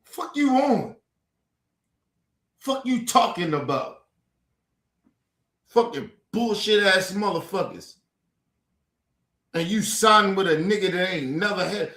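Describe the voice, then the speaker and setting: Casting note: furious man venting, high bright voice, echoey room, profane and repetitive. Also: expressive, a little slow, long pauses. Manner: heated, profane, repetitive outbursts. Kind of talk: angry personal rant.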